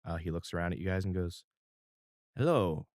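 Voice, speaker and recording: A man's voice: low-pitched, level tone, racing, a little mellow, no echo, studio quality. A man narrating as game master of a tabletop game, describing scenes casually with filler words.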